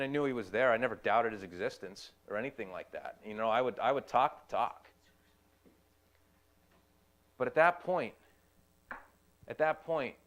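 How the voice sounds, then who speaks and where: A young man gives a personal testimony at a middling pitch. He speaks earnestly and haltingly, often repeating a phrase before going on. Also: a bit bright. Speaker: youth ministry volunteer.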